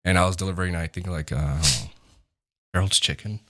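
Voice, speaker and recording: A man, a podcast guest, calmly telling a story in casual talk. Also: low-pitched, quick pace. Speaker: guest, acting coach.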